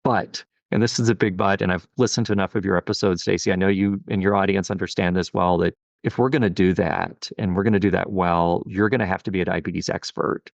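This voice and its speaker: A man's voice: deep voice, fairly even intonation, fairly quick, creaky, few pauses, dry recording, highs cut off. A middle-aged man, a pediatric endocrinologist, talking earnestly and thoughtfully in a podcast interview, often saying "you know". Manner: earnest, reflective, with many "you know" fillers.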